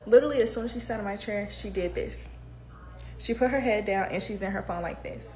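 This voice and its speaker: A young woman speaks in a mid-range voice as she tells a story about a client at her hair chair. Her delivery is slangy and animated, like chatting straight to her followers. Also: mid-range voice, brisk. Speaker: hairstylist. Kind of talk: casual storytime.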